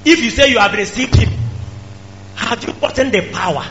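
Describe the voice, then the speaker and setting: Emphatic high-voiced male preacher, lo-fi. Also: animated, moderate pace, soft background music. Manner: emphatic, rising to shouts. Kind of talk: sermon. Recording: dull lo-fi recording with faint hum.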